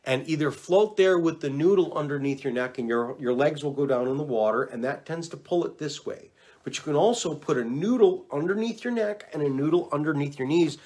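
A man giving relaxed, chatty instructions on neck exercises, talking to the camera and demonstrating as he goes. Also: on the high side. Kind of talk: casual instructional talk to camera.

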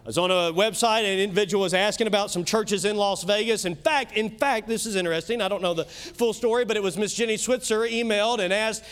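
Male pastor with a Kentucky accent, high voice, emphatic sermon delivery. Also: smooth. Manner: emphatic preaching, swinging loud and soft, quick asides.

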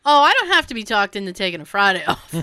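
Animated, bright-voiced woman chatting. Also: medium pitch, quick pace, clear, resonant tone, no room sound. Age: middle-aged. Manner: animated storyteller who laughs often and swears. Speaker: podcast co-host. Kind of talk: casual chat.

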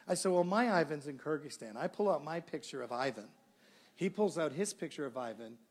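A man's voice: a little high, a little fast. A middle-aged male pastor preaching a sermon, telling a story and acting out the dialogue. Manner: animated storyteller, acts out dialogue.

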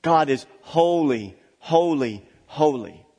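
A fairly high-voiced man preaches a sermon in a church, leaning hard on repeated words for emphasis. He slips into chatty, joking asides. His voice rings out with the long reverb of a big hall. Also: expressive, slow pace, darkish tone. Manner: chatty asides with small laughs. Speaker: pastor.

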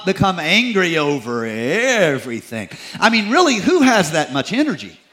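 A man preaches a sermon, his slightly high voice bright and forceful. He jokes in a folksy way and drops to soft asides between readings. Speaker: pastor.

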